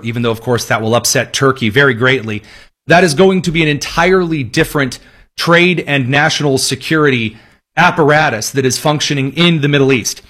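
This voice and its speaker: A man's voice: fairly high pitch, fairly bright tone, slightly rough. A man delivering solo political commentary in an emphatic tone, with sarcastic asides. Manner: emphatic, sarcastic asides, mock pleading voices for quotes.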